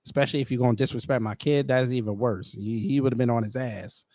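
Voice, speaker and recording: A man's voice: mid-range voice, fairly even intonation, fast, a little mellow, no room sound, studio quality. A man hosting a casual commentary show, blunt and mocking in his asides.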